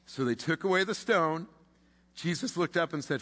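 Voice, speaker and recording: A man preaching a sermon, impassioned, swinging between loud declarations and hushed, drawn-out pauses. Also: on the high side. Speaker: pastor. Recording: long reverb of a large hall.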